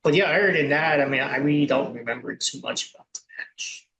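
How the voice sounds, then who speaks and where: A man's voice: a little high, fairly quick, fairly bright tone. A young man co-hosting a podcast, talking hesitantly with many ums. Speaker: podcast co-host. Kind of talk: casual chat. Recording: echoey room.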